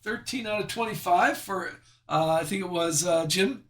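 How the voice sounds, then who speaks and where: A man's voice: high-pitched, moderate pace, noisy background. A man hosting a live sports card break, chatty and self-deprecating as he reads out each card he pulls.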